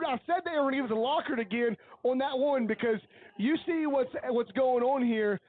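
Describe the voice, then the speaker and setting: A man giving coach-like color commentary on a high school football game, earnest and openly emotional as he breaks down each play. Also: phone-quality sound. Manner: analytical, coach-like breakdowns of plays.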